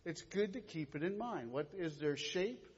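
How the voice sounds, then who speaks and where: Sarcastic man with a lively voice. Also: a little high, moderate pace. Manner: sarcastic, joking. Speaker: church workshop co-presenter. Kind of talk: church workshop talk. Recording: lo-fi hall recording.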